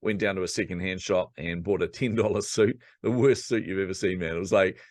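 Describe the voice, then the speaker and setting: A man with a low, deep voice tells a personal story at a quick clip, a podcast guest who slips into acting out his own thoughts. The sound is dry and close, with no room around it. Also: fairly even intonation, darkish tone, no echo. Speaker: podcast guest, coach and speaker.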